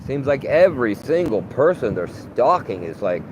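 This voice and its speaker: A man's voice: mid-range voice, sing-song, normal speed. Profane rambling man, windy outdoor mic. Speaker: livestreamer. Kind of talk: rambling live monologue. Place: outdoors under open sky. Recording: wind noise on the mic.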